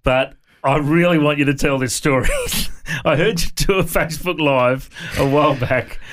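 A man's voice: a little high, normal speed, fairly bright tone, slight background noise. A man hosting a casual radio interview, teasing his guest and speaking with frequent fillers. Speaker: radio host.

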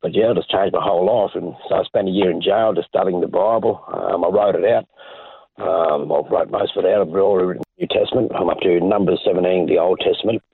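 Deep, husky, australian accent, storytelling man, tinny phone-like recording. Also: quick pace, no echo. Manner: rambling storyteller, reenacts dialogue. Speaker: interview guest. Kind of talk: personal testimony.

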